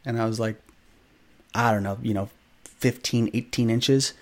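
Guy in his 30s on a podcast, chatty storytelling, acts out the dialogue, lots of "you know", mid pitch. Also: normal speed. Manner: animated, acts out quoted dialogue, lots of fillers. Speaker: podcast guest. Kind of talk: casual storytelling.

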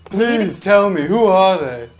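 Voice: mid-range voice, expressive, takes it slowly, soft background music, voice pushed up. A game master voicing a demanding rich captive who makes threats. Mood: haughty.

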